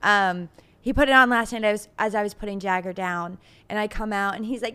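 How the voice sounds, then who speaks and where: A young woman co-hosting a casual podcast, chatting lively with her husband and laughing often as she tells family stories. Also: mid-range voice, fast, clear, resonant tone. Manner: giggly, animated, laughs often. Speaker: podcast co-host. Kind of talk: casual chat.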